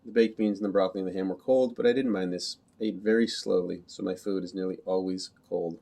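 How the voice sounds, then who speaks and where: A man reads a novel aloud in the first person, keeping his delivery flat, literal and carefully measured. His voice is deep and low, with a mellow, dark tone. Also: vocal fry. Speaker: audiobook reader.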